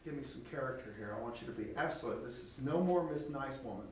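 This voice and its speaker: A man's voice: medium pitch, expressive, fast. A man coaching an actress through an audition tape, blunt and direct, acting out lines as he goes. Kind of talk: coaching an actor at an audition taping. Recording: echoey room, mic far off, faint hiss.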